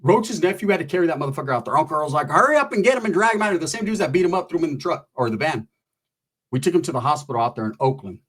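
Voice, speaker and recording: A man from California telling a profane story and acting out the people in it with animated voices. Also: fairly high pitch, very fast, slightly rough. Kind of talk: storytelling stand-up.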